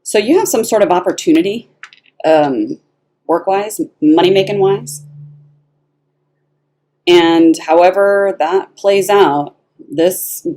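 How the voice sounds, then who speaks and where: Tarot reader, woman: laid-back pace, low register, animated and foul-mouthed. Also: slow pace, long pauses. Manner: animated, blunt and profane, laughs often. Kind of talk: casual tarot reading.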